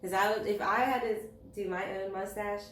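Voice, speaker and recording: A woman's voice: medium pitch, fairly even intonation, fairly quick, fairly bright tone. Playful hype woman hosting, roomy echo. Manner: hyped, playful and joking. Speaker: host. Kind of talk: casual interview. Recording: roomy echo, distant mic, faint noise.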